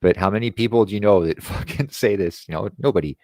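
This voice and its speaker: A man's voice: fairly low pitch, fast, darkish tone, no echo. A man hosting an online show, ranting in a sarcastic, profane way. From Quebec. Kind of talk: ranting commentary.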